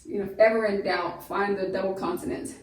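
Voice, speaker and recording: A woman teaching a phonics lesson, slowly sounding out the syllables of words. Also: medium pitch, steady tone, a little mellow, recorded from a distance. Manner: slow, stretched sounding-out of syllables. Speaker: homeschool teacher. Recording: echoey room, voice off-mic.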